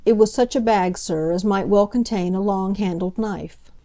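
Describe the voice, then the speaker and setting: A frail old gentleman of a witness, fussy and formal, his voice quavering and raised a little above the teller's usual pitch, as a woman reads him in a storybook. He takes his time over every word, soft and mellow in tone. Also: moderate pace, natural voice. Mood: earnest, quavering.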